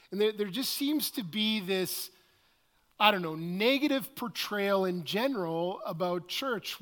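Pastor, male, high-pitched, conversational sermon style, hall reverb. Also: fairly bright tone. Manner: conversational, self-questioning preaching with quoted asides. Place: church sanctuary.

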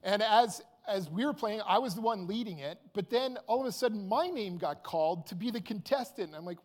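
A man in his fifties tells a personal anecdote. His voice sits high, and he rambles animatedly with fillers and restarts. The sound rings out with a long hall reverb. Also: expressive, a little fast, hardly any pauses. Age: 50s. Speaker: storyteller. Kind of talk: personal anecdote told aloud.

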